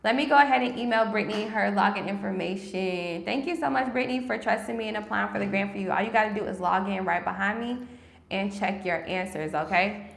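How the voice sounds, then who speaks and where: A woman's voice: medium pitch, fairly quick, vocal fry, reverberant. A woman hosting a casual livestream, talking straight to her viewers and often checking in with "okay?" and "right?". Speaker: livestream host helping with grant applications.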